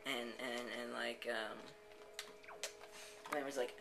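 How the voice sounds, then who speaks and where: Rambling let's play storyteller, lots of fillers, mid pitch, game music bed. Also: fairly even intonation, a little fast, gravelly, poor audio.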